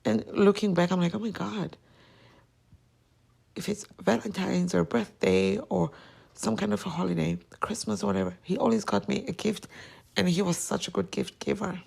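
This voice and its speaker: A woman with a strongly gravelly, creaky voice speaks openly and with feeling as she hosts her own podcast. Her delivery is a personal confessional monologue, and she acts out bits of old arguments as she goes. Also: medium pitch, fairly even intonation, normal speed, darkish tone. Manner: emotional, candid, quoting past arguments. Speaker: podcast host.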